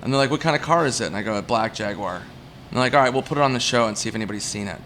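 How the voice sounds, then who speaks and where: A man's voice: lowish voice, fairly bright tone, a little hiss or hum. A man, a comedian guest, casually telling rambling, self-mocking stories at a bar and briefly acting out the people in them. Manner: rambling, self-mocking anecdotes with quick acted-out quotes.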